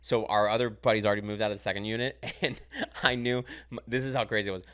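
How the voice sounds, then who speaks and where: A young man with a low voice rattles off a story at a quick clip as he hosts a podcast. He is animated and profane, and he often breaks into laughter as he talks. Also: clean tone. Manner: animated, profane, laughs through his stories. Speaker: podcast host.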